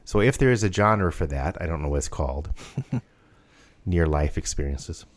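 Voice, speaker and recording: A man with a very low voice chats casually as a podcast co-host. He rambles along, restarting sentences and filling gaps with ums and uhs. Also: expressive, moderate pace. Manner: rambling, hesitant, many restarts and fillers. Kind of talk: casual chat.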